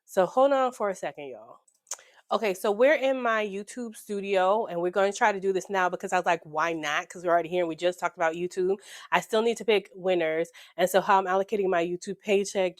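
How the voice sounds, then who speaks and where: A slightly hoarse woman, chatting excitedly with viewers while walking through her budget at home. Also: fairly low pitch, no echo, studio quality. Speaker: budgeting YouTuber. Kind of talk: casual chat while budgeting. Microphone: desk microphone.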